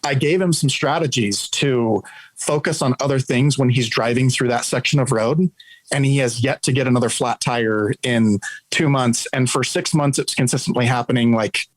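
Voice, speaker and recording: A man's voice: mid-range voice, moderate pace, no room sound, rough recording. A man being interviewed as a guest, telling a story in a conversational, earnest way to explain an idea.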